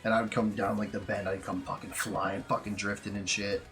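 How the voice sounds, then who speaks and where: A young man co-hosting a casual podcast chat, telling profane, animated stories. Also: on the low side, brisk, faint music behind. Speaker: podcast co-host.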